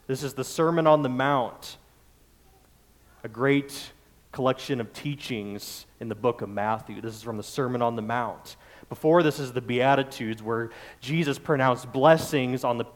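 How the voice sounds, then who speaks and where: A male pastor preaching a sermon, building his points through repeated phrases and lists. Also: mid-range voice.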